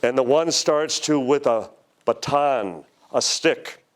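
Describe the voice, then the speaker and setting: An older man giving a conference talk, telling a story slowly and dramatically, quoting the people in it. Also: medium pitch. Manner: slow, dramatic storytelling with quoted voices. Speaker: speaker at a UFO conference. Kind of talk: storytelling lecture. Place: lecture hall.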